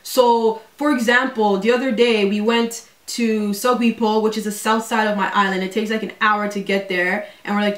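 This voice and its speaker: Far from the mic in an echoey room, a twenty-something woman vlogs at home in a steady, mid-range voice. Her talk is slangy and loose, peppered with "like" and "yo" and quick asides.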